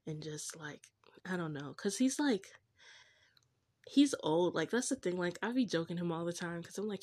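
A woman's voice: fairly low pitch, normal speed, darkish tone, husky. A young woman vlogging in a casual, confessional way, gushing and giggly, with a slangy manner. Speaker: faith vlogger.

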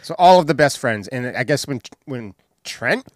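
A man's voice: medium pitch, normal speed, no room sound, clean studio sound. A man co-hosting a podcast, chatting casually and joking around. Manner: joking, animated, laughs often. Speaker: podcast co-host. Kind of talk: casual chat.

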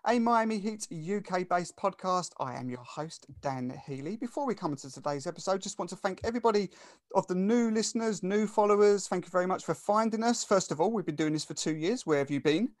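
A man's voice: high voice, a little fast, no room sound, clean studio sound. A man with an Essex English accent, hosting a casual sports podcast in a chatty, friendly, self-deprecating way. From England. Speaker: podcast host.

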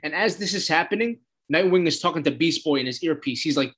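Casual husky man recapping a show. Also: on the high side, animated, quick pace, a bit bright. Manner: loose storytelling full of "he's like", swearing and fillers. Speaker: episode recapper.

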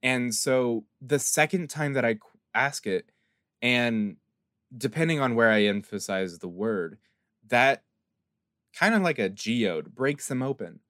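A man's voice: medium pitch, animated, unhurried, fairly bright tone, no echo. Earnest rambling podcast man, dry sound. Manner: earnest, rambling with restarts and acted-out quotes. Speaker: podcast co-host. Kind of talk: casual podcast chat.

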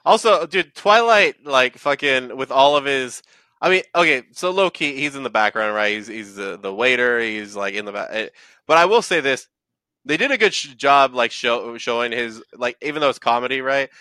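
A young man hosting a casual anime talk, excitable and profane, laughing often. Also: mid-range voice, normal speed, smooth, no echo. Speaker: podcast host.

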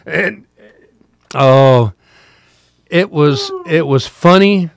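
A man's voice: lowish voice, lively intonation, measured pace, no echo, clean studio sound. Rambling older man telling a story. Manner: rambling, repeats words, chuckles at own story. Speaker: podcast host, former talk radio. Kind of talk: casual storytelling monologue.

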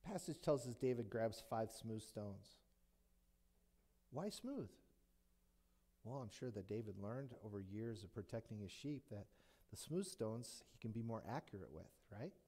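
Male pastor preaching, lively up-and-down voice, cracks jokes, keeps asking the room questions. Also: lowish voice, slightly rough. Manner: animated, joking, rhetorical questions. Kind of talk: sermon.

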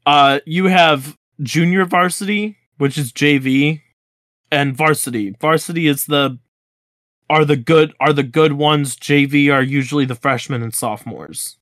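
In studio-clean audio without echo, a twenty-something man co-hosting a podcast recounts a school story, animatedly voicing each line of dialogue in a casual chat. His pitch is fairly high and his delivery unhurried.

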